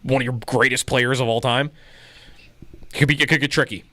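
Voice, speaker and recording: A man co-hosts a sports talk show, his voice bright and forceful. He trades stats and playful jabs in loose, stubborn banter. The studio mic is dry and close. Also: medium pitch, fairly even intonation, fairly quick, no room sound. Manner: stat-heavy, joking, playfully stubborn. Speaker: sports radio co-host. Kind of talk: casual sports radio banter. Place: radio studio. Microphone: studio microphone.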